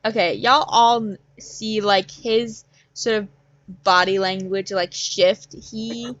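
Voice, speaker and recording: A woman's voice: mid-range voice, steady tone, takes it slowly, a bit bright, no echo, lo-fi sound. A woman running a tabletop game as game master, talking casually with fillers and laughter.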